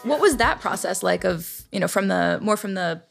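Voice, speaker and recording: A woman's voice: medium pitch, expressive, moderate pace, vocal fry, soft background music. A woman hosting a live podcast interview, asking questions and backing the guest with short affirmations. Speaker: podcast host.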